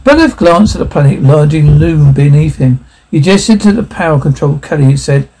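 A man reading a science fiction story aloud, halting, with frequent restarts. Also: fairly high pitch, expressive, mellow, husky, poor audio. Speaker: narrator.

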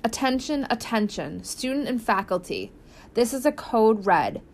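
A woman's voice: fairly high pitch, lively intonation, unhurried. Lady doing a formal school pa announcer, urgent.

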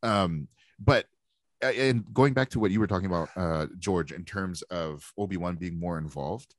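A man's voice: sits low, moderate pace, dry recording. A man co-hosting a casual review podcast, rambling and thinking aloud with many fillers. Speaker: podcast co-host. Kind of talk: casual pop-culture review chat.

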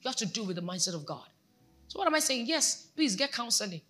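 Nigerian lady pastor preaching, high-ish voice, keeps asking the church questions, faint music under it. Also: very animated, fast talker, pushed and bright. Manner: exhorting, asks the congregation questions. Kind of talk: sermon.

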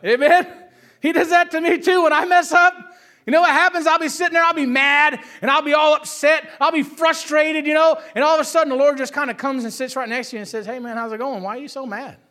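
A man preaches a sermon in a very high voice. His tone is bright and forceful. He swings between loud, emphatic calls and quiet asides, often asking the room for an amen. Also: fairly even intonation, a little fast.

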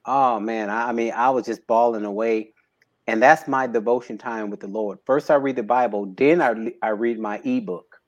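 A man in his late fifties talking casually as a podcast guest. He tells stories with feeling, and his voice climbs high with excitement when he quotes people. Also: normal speed, highs cut off. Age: 50s. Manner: animated storyteller, emotional about faith. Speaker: podcast guest, bodybuilder and trainer. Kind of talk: casual conversation.

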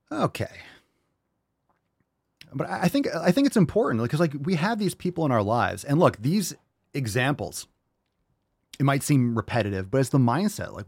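A man's voice: medium pitch, breathy edge, no room sound, clean studio sound. Blunt, profane man ranting on his podcast. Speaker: podcast host. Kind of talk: opinionated fitness podcast rant.

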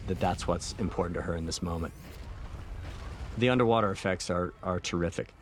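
A film director walks through his movie in an audio commentary, his low voice moving at a brisk pace over faint soundtrack music. He's relaxed and reflective, with lots of fillers and restarts.

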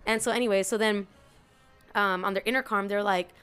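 A woman's voice: mid-range voice, fairly even intonation, brisk, a bit bright, smooth, soft background music. A young woman telling a long story in casual chat, rambling with lots of fillers and acting out quotes. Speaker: storyteller guest.

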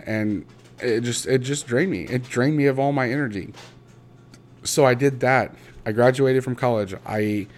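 A man in his thirties telling his own story in a personal monologue, halting and restarting his words, emotional and close to breaking. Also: medium pitch, darkish tone. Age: 30s. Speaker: podcast host.

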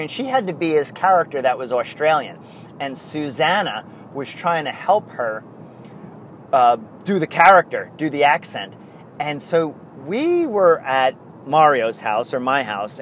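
Rambling, excitable man. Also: medium pitch, a little hiss or hum. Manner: rambling, excitable storytelling with bursts of enthusiasm. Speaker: podcast co-host. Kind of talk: casual chat.

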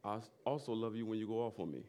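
A middle-aged male pastor preaching a sermon in a loose conversational way, with laughing asides and loud bursts of emphasis. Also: on the low side, rapid-fire.

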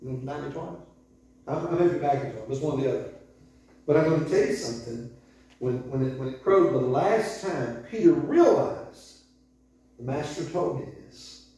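A man's voice: medium pitch, moderate pace. Man in his sixties preaching, echoey. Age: 60s. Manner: conversational, animated, chuckles often. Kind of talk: informal sermon. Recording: echoey room from far off.

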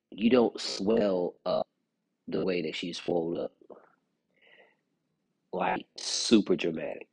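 A man's voice: medium pitch, creaky, a little mellow, slightly rough, no echo. A man hosting a podcast, talking casually in a rambling commentary with lots of fillers and restarts. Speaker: podcast host.

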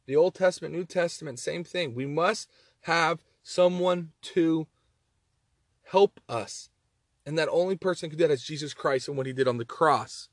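A man with a Southern accent giving an earnest, animated Bible teaching, reading verses and often repeating words as he stresses a point. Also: a little high, normal speed, no room sound, studio quality.

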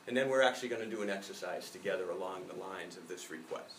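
A man's voice: deep voice, fast talker, hardly any pauses, a bit bright, roomy sound, recorded from a distance, slight background noise, low-quality recording. A middle-aged male pastor giving a reflective sermon, telling a personal story.

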